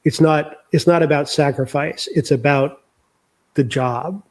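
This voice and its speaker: A man's voice: a little high, a little slow, a little mellow. An older man speaking candidly and reflectively as an interview guest, sharing his memories. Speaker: author guest.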